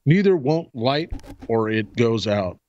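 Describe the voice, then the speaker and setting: A man's voice: mid-range voice, lively intonation, slow, a little mellow, highs cut off. A man co-hosting a podcast in casual chat, easygoing and rambling, often restarting his sentences. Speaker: podcast co-host.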